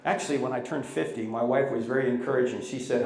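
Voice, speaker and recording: Animated man in his sixties, echoey hall. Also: mid-range voice, fast. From United States. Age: 60s. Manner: animated storyteller, acts out quotes in raised voices. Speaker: Christian apologetics speaker. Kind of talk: live campus talk with storytelling and jokes. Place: large university hall with audience.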